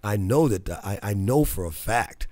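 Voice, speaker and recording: A man hosting a radio talk show, moving from a motivational monologue into excitable, chatty banter with frequent laughter. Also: lowish voice, unhurried, no room sound.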